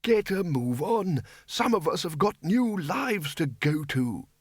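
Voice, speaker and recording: A man's voice: high-pitched, very animated, slow, slightly rough, no room sound, clean studio sound, pitched above the performer's own voice, full character voice. A man voicing a doddering, cheerful old male wizard who rambles and quavers. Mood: forced cheer.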